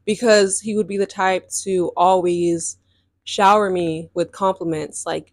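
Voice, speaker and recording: A young woman with a lowish voice talks candidly into a close mic, recorded dry. She is casual and emphatic, and she leans on "like" and "um" as she tells a personal story on her podcast. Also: steady tone, a little slow, dry recording. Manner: casual and emphatic, heavy use of "like" and "um". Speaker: podcast host.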